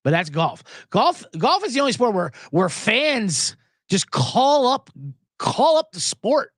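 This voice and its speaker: A man's voice: very high voice, takes it slowly, dry recording, studio quality. A man hosting a sports betting podcast in a casual, rambling chat that swears now and then. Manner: animated, rambling and profane, with many restarts.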